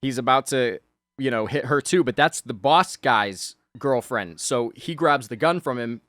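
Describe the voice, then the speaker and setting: A man's voice: medium pitch, unhurried, a bit bright, no echo, clean studio sound. A man hosting a drawing video, rambling in casual chat, often laughing and swearing offhandedly. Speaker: video host.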